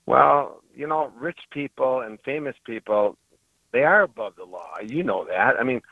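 A man's voice: mid-range voice, lively intonation, moderate pace, vocal fry, no room sound. An older man calling in to a radio talk show, speaking in a folksy, opinionated way. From Wisconsin. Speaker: caller. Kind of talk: phone-in chat. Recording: dull muffled call-in line.

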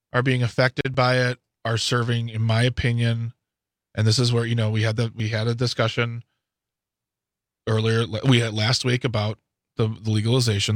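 A man's voice: medium pitch, fairly bright tone, dry recording, studio quality. A man co-hosting a radio talk show, giving strong opinions in a rambling, emphatic way.

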